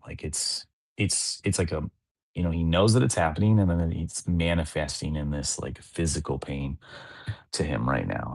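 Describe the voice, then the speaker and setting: A man's voice: extremely low pitch, no room sound. A man in his thirties, a father co-hosting a podcast, chatting casually and rambling with lots of filler words. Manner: rambling, heavy use of "like" fillers. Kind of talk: casual chat.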